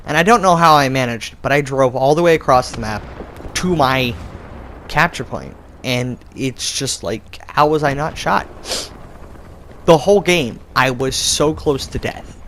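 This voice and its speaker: An excitable young man recaps a tank match as a gaming video host, his voice mid-pitched but very lively and jumping up sharply when he gets worked up. A faint hiss of noise sits under the recording. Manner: excitable, animated storytelling with sudden jumps in pitch. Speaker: gaming YouTuber. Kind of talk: casual gameplay commentary.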